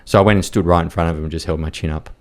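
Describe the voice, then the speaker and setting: Podcast guest: man, low-pitched, blunt, profane, rambling storyteller. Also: steady tone, racing. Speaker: podcast guest, war reporter. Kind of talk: casual storytelling chat.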